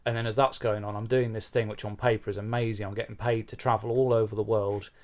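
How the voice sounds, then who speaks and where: A man, a podcast host and bass player, talking frankly and self-deprecatingly about his own life in an interview, swearing casually. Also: level tone, fast talker. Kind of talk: candid conversational interview.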